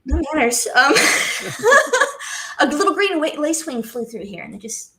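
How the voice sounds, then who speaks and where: A woman chatting as a guest on a podcast, animated and quick to laugh, into a studio condenser mic. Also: high-pitched, a crowd in the background. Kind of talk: casual podcast chat.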